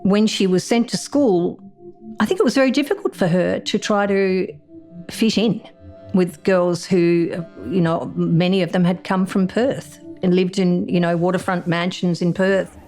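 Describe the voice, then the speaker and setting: A woman answers interview questions thoughtfully, with a wry edge. Her voice is slightly low, with faint music underneath. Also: steady tone, measured pace, darkish tone.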